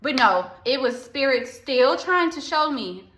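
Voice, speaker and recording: Woman telling a storytime, bright voice, echoey room, talks right to viewers. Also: high voice, lively intonation, a little slow. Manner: candid, repeats phrases for emphasis, addresses viewers directly. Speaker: vlogger, spiritual healer. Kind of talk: casual storytime monologue.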